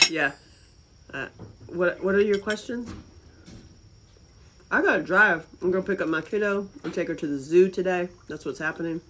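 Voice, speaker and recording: A woman's voice: fairly low pitch, measured pace, long pauses, background noise. Chatty Southern woman on a livestream. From North Carolina. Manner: chatty, giggly, rambling. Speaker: livestream host. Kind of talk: casual livestream chat.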